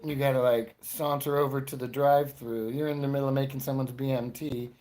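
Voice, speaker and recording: Talking fairly quickly in a level, medium-pitched, slightly mellow voice, a forties-aged man from Florida performs stand-up. He's a rambling storyteller who interrupts himself.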